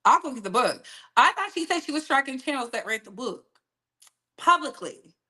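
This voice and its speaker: A woman hosting a casual gossip livestream, animated and laughing often as she talks straight to her chat. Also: sits high, normal speed.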